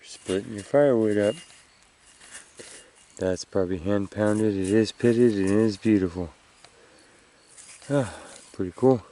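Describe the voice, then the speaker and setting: A man's voice: on the low side, measured pace, pauses often, slight background noise. A man musing aloud as he digs up old metal finds outdoors, filming himself for a metal detecting vlog. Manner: relaxed, musing, thinking aloud. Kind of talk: casual outdoor commentary. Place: outdoors under oak trees.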